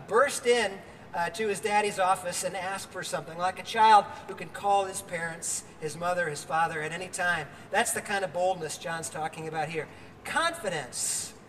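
Older male pastor, high voice, earnest outdoor sermon, heard from far off with reverb and faint background noise. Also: a bit bright. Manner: earnest, with fillers and restarts.

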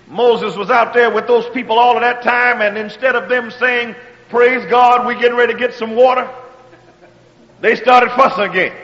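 A man preaching a sermon, checking in with his congregation and moving between quiet, drawn-out phrases and shouted exhortations. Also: extremely high pitch, big-room sound, lo-fi sound. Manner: call-and-response preaching, asks if the congregation is still with him.

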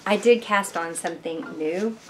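A woman's voice: medium pitch, a little slow, a bit bright, slight background noise. A woman hosting a knitting video podcast at home, chatting and rambling casually to camera and asking her viewers questions. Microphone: camera mic, moving handheld camera.

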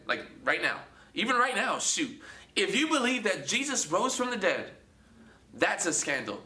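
A man hosting a Christian video channel, preaching casually to the camera in an animated way, acting out quoted voices and often repeating words. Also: high-pitched, reverberant.

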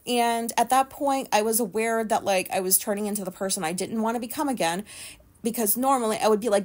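Woman, podcast host, fairly high voice, swearing, rambling, animated rant. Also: normal speed. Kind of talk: solo storytelling rant.

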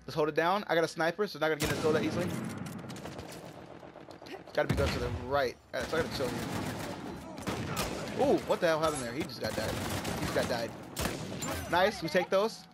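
A man giving casual gameplay commentary, excitable and swearing often, yelping when he comes under fire. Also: on the high side, quick pace, pauses often, heavy background noise. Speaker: gamer. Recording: game gunfire loud under the voice. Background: gunfire and explosions from the game.

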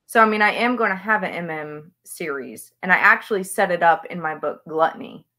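A woman's voice: lowish voice, brisk, pushed and bright. A woman author chatting as an interview guest, talking with gushing enthusiasm about books she loves. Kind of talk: casual interview chat.

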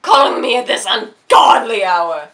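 A woman voicing an angry British man yelling on a voicemail greeting, with a put-on British accent. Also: fairly high pitch, expressive, unhurried, recorded from a distance, pitched above the performer's own voice. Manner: yelling, indignant.

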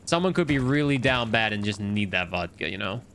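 Animated man streaming a game. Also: brisk, slight background noise. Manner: animated storytelling, swings high when excited. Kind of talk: casual gameplay commentary.

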